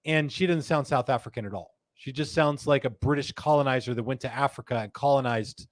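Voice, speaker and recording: A man's voice: mid-range voice, fairly quick, no echo. A middle-aged man hosting a live podcast, chatting casually, laughing often and reading viewer comments aloud. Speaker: podcast host. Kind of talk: casual live-show chat.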